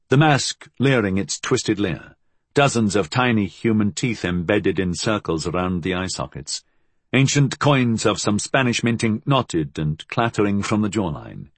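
Husky man narrating an audiobook. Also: on the low side, lively intonation, a little slow, dry recording.

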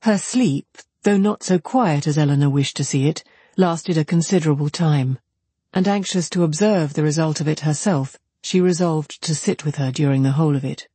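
A narrator giving a measured, even reading of a classic novel. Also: medium pitch, breathy edge, no echo. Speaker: audiobook narrator.

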